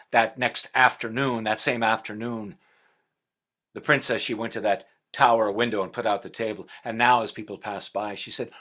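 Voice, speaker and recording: A middle-aged man telling a folktale aloud, expressive and swinging from whispers to loud passages. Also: on the low side. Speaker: storyteller.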